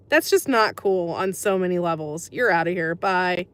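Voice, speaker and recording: A woman's voice: fairly low pitch, expressive, normal speed, hardly any pauses, a bit bright, clear, resonant tone, no room sound. Chatty American woman livestreaming. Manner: chatty, says um often, sympathetic. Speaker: livestream host reading chat. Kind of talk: casual livestream chat.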